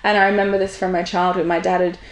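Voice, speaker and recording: A woman's voice: fairly low pitch, little pitch movement, quick pace. A woman hosting a podcast, talking in a frank, candid monologue and swearing freely. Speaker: podcast host. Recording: roomy echo.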